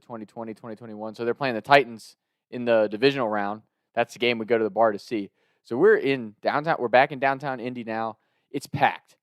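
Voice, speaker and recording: A young man from the Midwest, telling a wild personal story in a casual, profane, animated way. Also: a little high, dry recording, clean studio sound. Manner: profane, animated, laughs at his own story.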